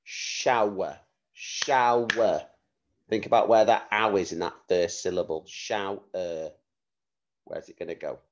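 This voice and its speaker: A man teaching a phonics lesson to young children, spelling words out letter by letter in a clear, slow dictation manner. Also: low voice, a little mellow, highs cut off. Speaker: primary school teacher.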